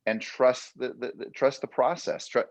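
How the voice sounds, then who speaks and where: A man's voice: mid-range voice, steady tone, normal speed, dry recording, lo-fi sound. A man hosting a real estate training session, coaching with emphatic, repetitive punchy phrases. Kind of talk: motivational coaching talk.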